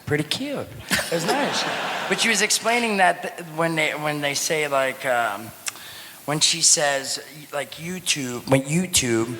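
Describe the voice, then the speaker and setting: Male co-host, rambling, giggly, gravelly timbre, live hall echo. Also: on the high side, a little slow, pushed and bright, a little hiss or hum. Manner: giggly, rambling, laughs often. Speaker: podcast co-host. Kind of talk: casual chat.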